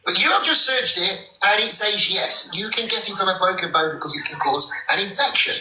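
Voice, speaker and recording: Man defending himself, indignant, bright voice, roomy and off-mic. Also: high-pitched, animated, fairly quick. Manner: indignant, arguing his case. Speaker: live-stream guest. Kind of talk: heated live-stream argument. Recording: distant, echoey.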